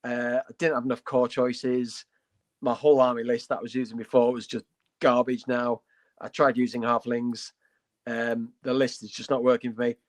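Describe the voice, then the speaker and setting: A man's voice: mid-range voice, little pitch movement, normal speed. A man co-hosting a casual hobby podcast, talking with enthusiasm, blunt jokes and playful asides. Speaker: podcast co-host.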